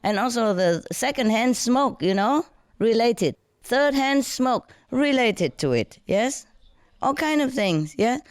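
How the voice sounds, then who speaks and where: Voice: mid-range voice, animated, slow pace, smooth, dry recording, clean studio sound. A speaker whose first language is not English, telling a casual anecdote to a friend in broken grammar, often laughing and growing indignant. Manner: frequent fillers like you know and yeah. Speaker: storyteller.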